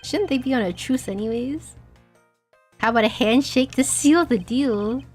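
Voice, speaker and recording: A young woman streaming a game, chatting casually in a giggly, rambling, self-deprecating way, her throat a little dry and husky. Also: sits high, moderate pace, a little mellow, soft background music. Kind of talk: casual gaming stream chat.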